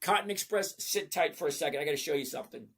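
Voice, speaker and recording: Older male livestream host, slightly high husky voice, chatty and repetitive. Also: fast talker, fairly bright tone. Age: 60s. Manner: chatty, repetitive, addresses viewers by name. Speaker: stock trading livestream host. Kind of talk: live Q&A chat answering viewers.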